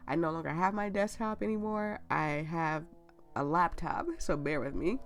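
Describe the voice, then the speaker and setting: Gravelly-voiced woman, stuffy with a cold. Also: sits low, moderate pace, soft background music. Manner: chatty and apologetic. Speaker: let's play host. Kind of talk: casual game commentary.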